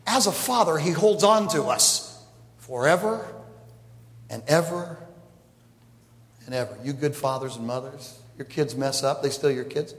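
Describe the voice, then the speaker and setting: A man's voice: a little high, a little slow, pauses often. A man, a pastor, preaching a conversational sermon with jokes to a congregation. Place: large church hall. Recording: echoey hall, reverb. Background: congregation laughing.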